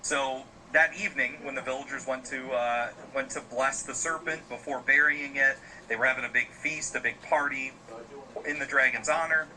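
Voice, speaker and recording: Rambling man telling a dark tale. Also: medium pitch, steady tone, normal speed, a little hiss or hum, low-quality recording. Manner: loose, rambling, frequent fillers. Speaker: podcast host telling a story. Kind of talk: casual spoken storytelling.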